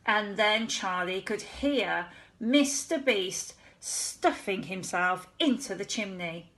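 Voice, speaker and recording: A woman teacher reading a children's story aloud, slow and expressive, with playful sound-effect words. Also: medium pitch.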